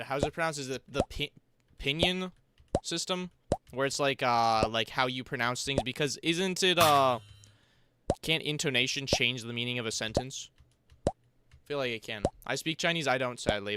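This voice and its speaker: A man's voice: medium pitch, moderate pace. Rambling young male game streamer. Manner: rambling, joking, slangy, answers chat. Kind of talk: casual livestream chat while gaming. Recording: loud background noise.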